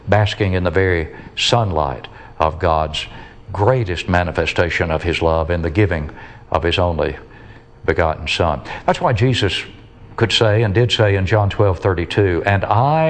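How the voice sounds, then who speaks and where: Man, preacher, sermon, low-pitched voice, emphatic stresses, falling phrase ends. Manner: emphatic, rising on key words and dropping low at phrase ends.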